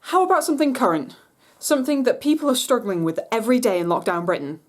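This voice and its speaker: A woman's voice: fairly high pitch, lively intonation, quick pace. A woman hosting a cabaret, delivering scripted comic narration with a playful touch. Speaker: cabaret host.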